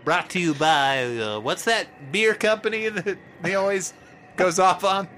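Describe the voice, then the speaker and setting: A man doing a hesitant, nerdy impression of a public radio host, halting and full of fillers. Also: high-pitched, lively intonation, bright, forceful tone, a little hiss or hum, voice pushed up, exaggerated voice. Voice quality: slow, halting, nasal nerd voice.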